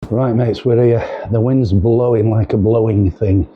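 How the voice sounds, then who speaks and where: A man's voice: lowish voice, fairly even intonation, unhurried, slightly rough. A middle-aged man, chatting casually and jokingly as he walks and films through windy outdoor steps and narrow yards. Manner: chatty, jokey, rambling with ums. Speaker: vlogger. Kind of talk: casual walking vlog. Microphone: camera mic with windshield.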